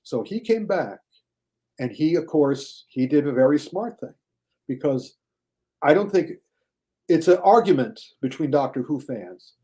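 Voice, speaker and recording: A man talking casually as a guest critic on a podcast, enthusiastic, and mocking critics in a high whiny voice. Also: lively intonation, a little slow, pauses often, warm tone.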